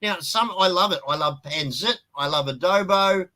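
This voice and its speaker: A man's voice: high-pitched, normal speed, sharp tone, poor audio. An Australian man with an Australian accent, ranting bluntly and swearing freely in a casual live-stream chat.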